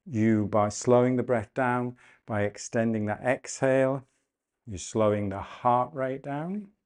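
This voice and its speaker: A man leading a guided breathing and mobility class, cueing calmly and gently, often slowing down and repeating phrases. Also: mid-range voice, clear, resonant tone. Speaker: movement and breathwork instructor. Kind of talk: guided exercise class instruction.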